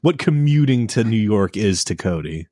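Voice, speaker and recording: A man with a Midwestern American accent, co-hosting a comedy podcast in casual, animated banter. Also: fairly low pitch, normal speed, no echo, studio quality. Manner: animated, acts out phrases. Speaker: podcast co-host.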